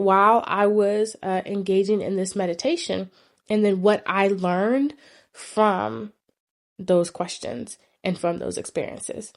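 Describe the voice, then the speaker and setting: A woman vlogger earnestly telling a personal story in a reflective, sometimes soft-spoken way. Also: medium pitch.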